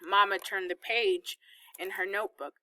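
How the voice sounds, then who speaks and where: A woman reading a novel aloud, in steady storytelling narration. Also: medium pitch, moderate pace, poor audio. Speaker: audiobook reader.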